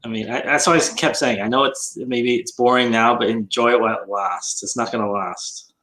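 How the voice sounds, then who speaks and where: Chatty man with a bright, forceful voice. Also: mid-range voice, steady tone, brisk, rough recording. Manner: chatty, tells stories about his kids. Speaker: podcast guest. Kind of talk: casual chat. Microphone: video call.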